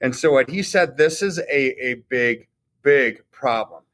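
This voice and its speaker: A man talks through economic news in a relaxed, conversational way. His voice sits at an ordinary middle pitch, and he keeps pulling the listener along with quick rhetorical asides. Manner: conversational, explains with rhetorical "right?" tags. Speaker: podcast co-host. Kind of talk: casual commentary on economics.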